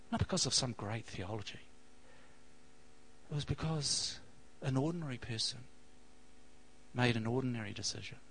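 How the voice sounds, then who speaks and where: A man's voice: medium pitch, slight background noise, poor audio. A man preaching a sermon, telling a story in a rambling, anecdotal way with many fillers. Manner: rambling anecdotal delivery with fillers, softening to a hush at the close. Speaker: pastor.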